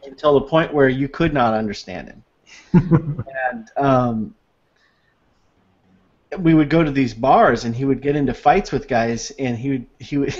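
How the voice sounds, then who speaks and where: A man's voice: mid-range voice, darkish tone. A man chatting casually, telling anecdotes with frequent laughs and playful quoted voices. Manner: storytelling, laughs often, acts out quoted voices. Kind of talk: casual chat. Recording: dull lo-fi sound.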